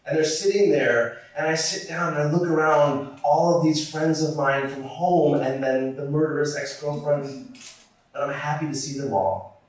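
Male storyteller on stage, high-pitched, animated and profane, captured from a distance in a very echoey hall. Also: measured pace. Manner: animated, swearing, laughing through the telling.

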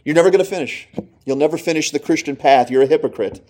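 A man voicing a taunting male devil who accuses a believer in a low, hushed tone. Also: quick pace, lightly acted.

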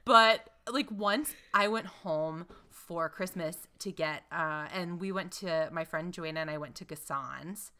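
A young woman from North Carolina co-hosts a casual podcast. She rambles and restarts her sentences, filling gaps with "like" and "um". Her voice is very bright and forward. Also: on the low side, a little slow, hardly any pauses, clear, resonant tone. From Greensboro, North Carolina. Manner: chatty, rambling, lots of fillers and restarts. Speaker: podcast co-host. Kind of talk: casual chat.

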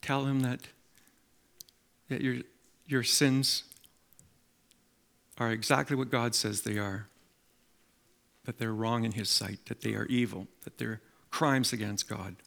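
Bright-voiced man preaching a sermon. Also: mid-range voice, takes it slowly, gravelly, pauses often. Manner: animated storytelling with acted quotes and emphatic appeals.

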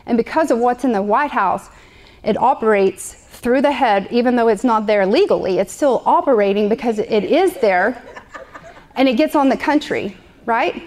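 A woman's voice: fairly high pitch, darkish tone. A woman preaching a sermon to a live congregation, conversational and playful, repeating her points often. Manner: conversational, repetitive, playful asides.

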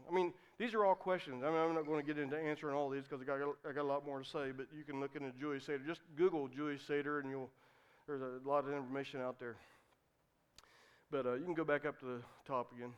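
A male pastor giving a sermon, talking conversationally with many restarts and rising into fervent, shouted refrains. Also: on the high side, steady tone, quick pace, clear, resonant tone, lo-fi sound.

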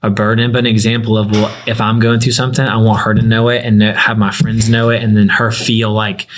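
Młody mężczyzna, swobodny, niski głos. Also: male voice, fairly low pitch, little pitch movement, a little fast, slight background noise, low-quality recording. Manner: rambling, many "like" fillers. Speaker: group member. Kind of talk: casual testimony in a group chat.

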